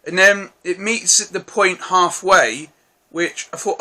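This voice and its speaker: A man's voice: high voice, slow, bright, forceful tone. A man hosting his own channel, giving a casual, rambling film review with many restarts and mild, self-deprecating remarks.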